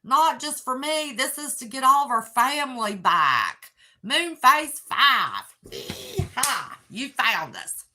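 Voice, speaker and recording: A woman's voice: high-pitched, big pitch swings, slow pace, sharp tone, slight background noise. A woman, chatting emotionally with viewers on her livestream. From West Virginia. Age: 60s. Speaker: channel host. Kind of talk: casual livestream chat. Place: apartment.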